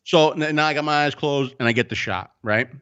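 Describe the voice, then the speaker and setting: A man telling a story in a casual podcast chat, animated and profane, acting out the people in it. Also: on the high side, a little fast, clear, resonant tone, lo-fi sound. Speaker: co-host.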